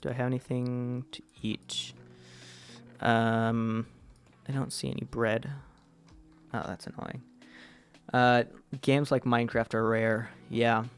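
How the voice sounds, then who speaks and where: A man's voice: medium pitch, little pitch movement, slow pace, pauses often, faint music behind. A man streaming a game, chatting casually in a rambling way, restarting and correcting himself as he answers chat. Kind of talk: casual gaming livestream chat.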